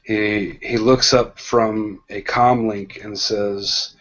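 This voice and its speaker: Slow, low-voiced man narrating a game. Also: flat delivery, a bit bright. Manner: slow, hesitant narration with many ums and restarts. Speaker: game master. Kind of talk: narrating a tabletop role-playing game. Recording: dull lo-fi sound.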